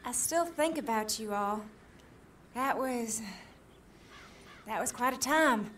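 A woman's voice: fairly high pitch, slow pace, fairly bright tone, slight background noise. A bubbly, genteel young woman. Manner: polite, bubbly, self-mocking. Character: cheerful young woman, genteel, self-deprecating. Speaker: video game character. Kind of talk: video game dialogue.

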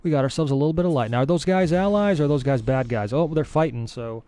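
A man giving excitable, chatty commentary while playing a video game. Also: fairly high pitch, fast talker, no echo. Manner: excitable, chatty, says dude a lot. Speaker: gaming streamer. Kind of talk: casual gameplay commentary.

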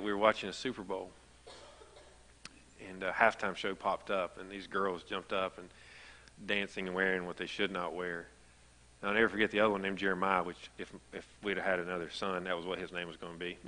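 Speaking a little fast, this man has a low, steady voice that comes across pushed and bright, with a long reverb tail from the church sanctuary. He preaches as pastor, telling stories in a chatty way that climbs toward emphasis.

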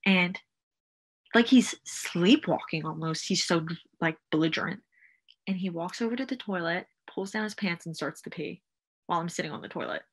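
A young woman recounting a personal experience in a halting way, with many fillers. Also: fairly low pitch, slightly rough. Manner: halting, filler-laden storytelling. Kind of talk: personal testimony.

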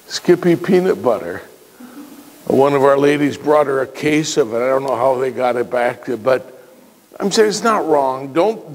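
A man preaching from the pulpit in a fairly high voice, pressing his points with rhetorical questions. His voice rings out with a long church reverb. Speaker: pastor. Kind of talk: sermon. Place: church sanctuary.

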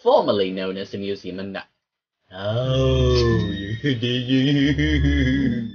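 A man's voice: medium pitch, extremely slow, darkish tone, slightly rough, muffled recording. A man recording voice lines at home, flubbing takes, swearing and laughing, his accent drifting between British and American. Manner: swears often and breaks into laughs. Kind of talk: blooper reel of a home voice recording session. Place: a house with his dog.

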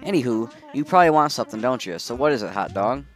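A brash, pumped-up male pig villager from a video game, all gym-jock energy, read aloud by a man. The voice sits at a middle pitch with a hyped, punchy push. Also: animated, fast, lightly acted.

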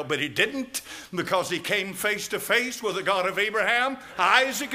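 Man, pastor, fiery sermon, higher voice, dramatic swings. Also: unhurried. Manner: fiery preaching, swings from loud cries to low asides; chuckles and mocking asides.

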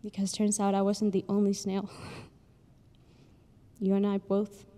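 A young woman giving an emotional graduation speech, telling a story earnestly with pauses, recorded in a large ceremony hall with long reverb. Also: mid-range voice, monotone. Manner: earnest, pausing, with soft laughs. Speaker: graduation speaker.

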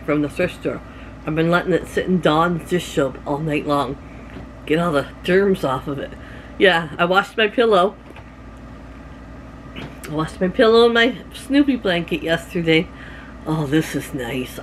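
A woman's voice: deep voice, moderate pace, a little hiss or hum. A middle-aged woman from Canada chatting to her camera at home, rambling through stories with laughs. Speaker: vlogger. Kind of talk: casual chat to camera.

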